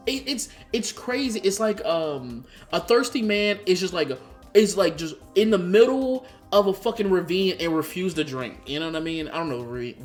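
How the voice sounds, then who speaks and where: Exasperated vlogger ranting, lots of swearing and rhetorical questions, voice jumps all over, soft music under it. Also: mid-range voice. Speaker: commentary vlogger. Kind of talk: ranting commentary. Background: faint background music.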